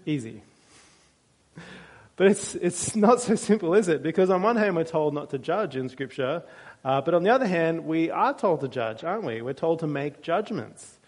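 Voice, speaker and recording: Man preaching a sermon, slightly high voice. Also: animated, moderate pace, darkish tone, slightly rough. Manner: conversational, with dry humor. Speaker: pastor. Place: church.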